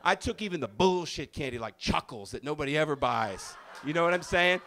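Animated male comedian telling a story. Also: on the high side, fairly quick. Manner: animated, profane, swings from loud bursts to hushed confession. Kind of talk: live stand-up storytelling. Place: live comedy venue.

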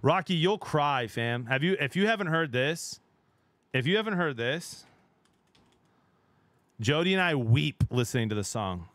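Excitable middle-aged man chatting on stream. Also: a little high, unhurried, pauses often, no echo. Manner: chatty and excitable, laughs often, trails off mid-sentence. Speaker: game streamer. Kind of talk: casual live-stream chat.

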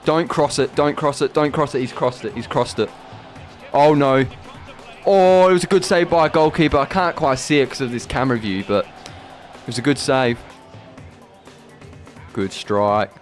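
A man narrates his football video game career in an excitable, reactive way, shouting at the game one moment and grumbling quietly the next. His voice sits at a middling pitch. Soft game music plays underneath. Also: normal speed, long pauses. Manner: excitable, swings between shouting at the game and deflated muttering. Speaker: gaming YouTuber. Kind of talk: gameplay commentary.

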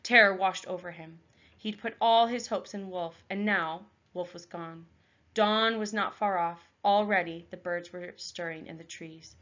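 A woman teacher reading a novel aloud to her class, expressive and clear. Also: lowish voice, a little slow, muffled recording. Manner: expressive storytelling.

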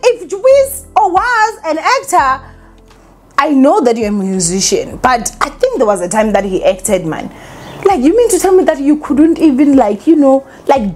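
Opinionated woman vlogger; animated delivery with a lively pitch. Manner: animated, opinionated, laughs often. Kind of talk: casual commentary vlog.

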